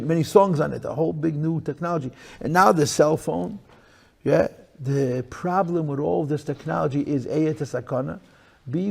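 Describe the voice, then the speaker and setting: A man speaking as a rabbi, lecturing to listeners in a room, emphatic and repetitive, swinging between loud bursts and hushed lines. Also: on the high side, creaky. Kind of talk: lecture to a live audience.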